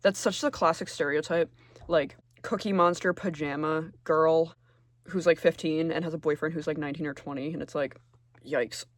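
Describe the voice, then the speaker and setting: A man giving casual, sarcastic tier-list commentary, full of swearing, who jumps between loud outbursts and low muttering. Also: fairly even intonation, moderate pace, no echo. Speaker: video creator.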